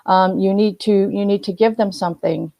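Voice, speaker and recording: A woman on a casual live stream giving business tips to viewers, halting often with ums and restarts while glancing at notes. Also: medium pitch, steady tone, vocal fry, no room sound, highs cut off. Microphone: phone or webcam, looking at notes.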